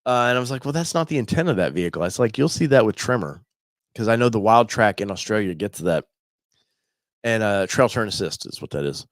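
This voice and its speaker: A man's voice: fairly low pitch, expressive, fairly quick, no room sound, clean studio sound. A man hosting an automotive channel, talking casually and thinking aloud while he browses a website, with many fillers and restarts.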